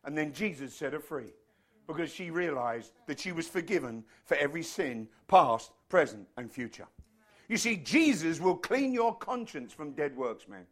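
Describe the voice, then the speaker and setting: A man preaching a sermon, emphatic and animated, speeding up when he tells a story. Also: fairly high pitch. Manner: animated, emphatic, quickens into anecdotes.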